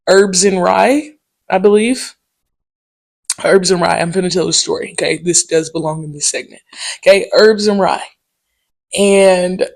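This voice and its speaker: A woman hosts her own podcast in a relaxed solo monologue. She tells stories in a loose, slangy and profane way. Her delivery is animated, with quick asides and filler words such as "um" and "okay?". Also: on the low side, gravelly. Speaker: podcast host. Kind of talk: casual solo podcast storytelling.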